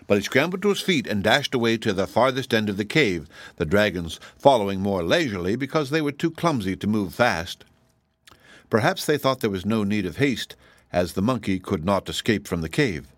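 A man narrating a storybook in a steady, measured way. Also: on the low side, no echo. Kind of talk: storybook reading.

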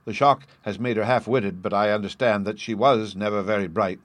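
A man's voice: on the low side, fairly even intonation, brisk, a bit bright, no echo, natural voice. A man doing a keen young police inspector. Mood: businesslike. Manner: businesslike, polite, reporting. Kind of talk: audiobook character reading.

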